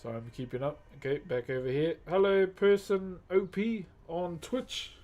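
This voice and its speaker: A man's voice: fairly high pitch, moderate pace, a little mellow, highs cut off. A man, chatting casually on a live stream and thanking viewers as he works. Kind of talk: casual live-stream chat while working.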